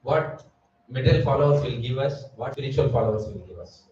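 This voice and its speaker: A man's voice: medium pitch, brisk, a little mellow, slight background noise. A man giving a Sunday sermon at a temple, asking his listeners rhetorical questions. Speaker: preacher. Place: temple hall. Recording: echoey hall, distant mic, dull sound.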